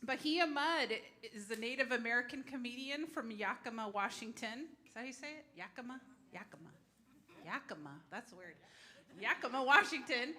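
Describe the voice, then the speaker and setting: Woman emcee, upbeat, very bright high voice, live stage. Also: lively intonation, moderate pace, a little hiss or hum. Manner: upbeat, playfully stumbles over a place name. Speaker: festival emcee. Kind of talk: introducing acts.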